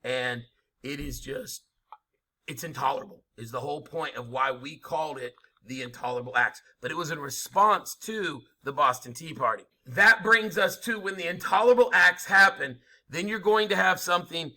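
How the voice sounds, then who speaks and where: Bright, emphatic male history teacher. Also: fairly high pitch, normal speed. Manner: emphatic, rhetorical questions, informal. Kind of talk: classroom lecture.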